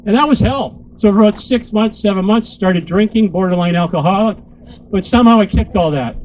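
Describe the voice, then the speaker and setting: A man's voice: high-pitched, a little fast, a little mellow, slight background noise, rough recording. A man, a motivational speaker and corporate trainer, giving a joking, crude, rousing speech to a crowd into a handheld microphone.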